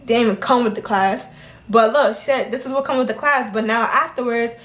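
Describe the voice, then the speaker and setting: A woman with a somewhat high voice tells a story in relaxed, casual chat. She is animated, often laughs, and acts out what other people said to her. The sound is echoey, as though recorded in a bare room. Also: fairly quick, a little hiss or hum.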